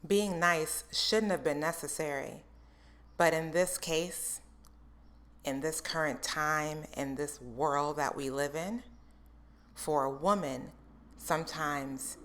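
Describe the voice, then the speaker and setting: A woman's voice: low-pitched, slow pace. A woman telling a personal story on her vlog, emphatic and talking straight to viewers. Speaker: vlogger. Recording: roomy, distant mic with steady background noise.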